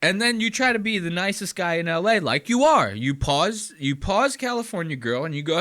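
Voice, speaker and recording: Podcast guy ranting at clips, swears a lot, bouncy pitch, bright edgy voice. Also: lively intonation, fairly quick, few pauses. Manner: ranting, profane, incredulous. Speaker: podcast host. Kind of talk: reaction commentary on clips.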